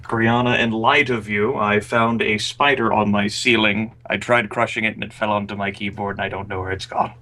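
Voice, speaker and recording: Low, bright-toned man at the table. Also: steady tone, normal speed, few pauses, slight background noise. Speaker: player. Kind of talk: casual chat.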